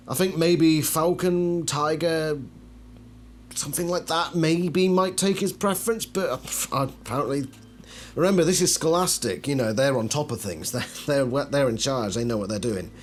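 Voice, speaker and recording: A man hosting a video, reading out card texts and breaking off with wry, skeptical asides that trail off into quiet mutters. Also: on the high side, slight background noise. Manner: wry, skeptical asides between read-out passages. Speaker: channel host reviewing collectible cards. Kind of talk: casual commentary mixed with reading aloud.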